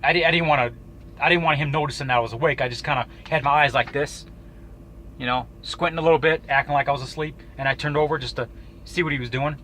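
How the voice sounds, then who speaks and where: A man with a fairly high, bright and forceful voice tells a story from his own life to camera. He talks loosely and swears often, stumbling and restarting as he goes. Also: fairly even intonation, slight background noise, rough recording. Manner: profane, halting, with frequent restarts. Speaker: YouTuber.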